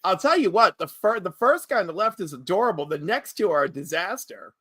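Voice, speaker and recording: Teasing co-host, lively voice that jumps around a lot. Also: medium pitch, a little fast, no echo, studio quality. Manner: wry, teasing. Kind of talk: casual chat.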